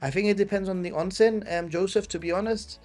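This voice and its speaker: A man's voice: high voice, steady tone, quick pace, a little mellow, soft background music. A man with a Gibraltarian English accent hosting a live-stream travel Q&A, chatting casually and answering viewers off the cuff. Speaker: travel channel host.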